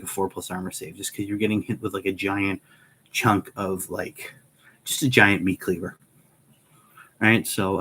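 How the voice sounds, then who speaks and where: A man's voice: fairly low pitch, fairly bright tone, a little hiss or hum, rough recording. A man hosting a casual livestream, thinking aloud with restarts and reading out game stats. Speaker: livestream host.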